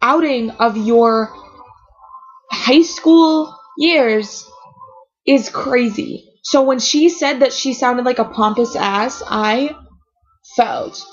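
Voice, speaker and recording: A woman's voice: a little high, slow pace. A woman filming a rambling, emotional fan reaction vlog at home, gushing and trailing off mid-sentence. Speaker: vlogger reacting to a TV episode. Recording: dull lo-fi webcam audio.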